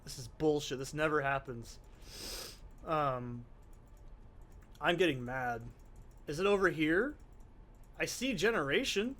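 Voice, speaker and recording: A man's voice: fairly high pitch, expressive, a little slow, pauses often, fairly bright tone. Ranting, profane gamer man. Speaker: gaming channel host. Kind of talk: let's play commentary.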